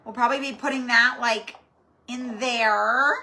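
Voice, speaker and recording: A woman's voice: fairly high pitch, steady tone, a little slow, sharp tone. A woman hosting a live-stream craft tutorial, chatty and rambling as she greets viewers by name. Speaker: craft channel host.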